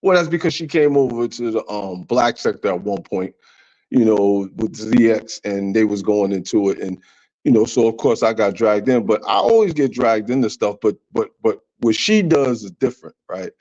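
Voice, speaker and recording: Blunt guest on dull lo-fi call. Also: male voice, on the low side, expressive, moderate pace, darkish tone. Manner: blunt, heated, emphatic. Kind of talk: casual call-in chat.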